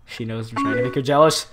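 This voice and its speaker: Animated young man playing a game. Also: medium pitch. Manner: animated, joking, reads chat messages aloud. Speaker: gaming channel host. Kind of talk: let's play commentary. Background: loud game music.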